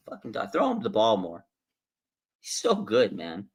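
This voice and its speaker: A man hosting a live fan stream, talking casually and excitedly in a rambling way about his team's game. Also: lowish voice, measured pace, husky. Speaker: sports fan stream host. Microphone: streaming desk mic.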